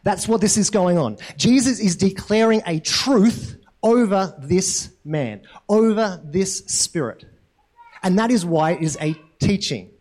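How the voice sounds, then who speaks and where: A man preaching a sermon in a relaxed, conversational way who keeps checking in with his listeners by asking "right?". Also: sits high, unhurried. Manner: conversational, asks the congregation questions, frequent tag "right?". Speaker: pastor.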